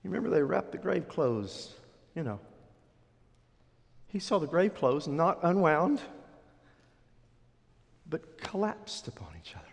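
A male pastor preaches in a dramatic storytelling way, swinging from loud bursts to near-whispers. His pitch is high for a man and very lively. A long reverb trails behind him, as in a big hall. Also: takes it slowly, creaky, pauses often. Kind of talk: sermon storytelling.

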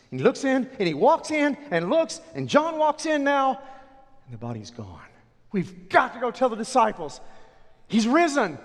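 Dramatic preacher, echoing hall. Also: male voice, fairly high pitch. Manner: dramatic, swinging from loud to hushed. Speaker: pastor. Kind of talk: sermon storytelling.

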